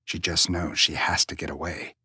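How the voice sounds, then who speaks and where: A man narrating a suspense story in a hushed, tense manner, often dropping near a whisper. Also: low-pitched, level tone, moderate pace, husky, dry recording.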